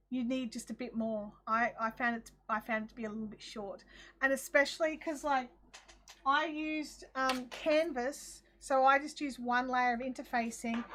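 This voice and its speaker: Bright-voiced Australian woman chatting. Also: high-pitched, slight background noise. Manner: chatty, reads out viewer comments, laughs often. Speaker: host. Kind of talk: live craft chat stream.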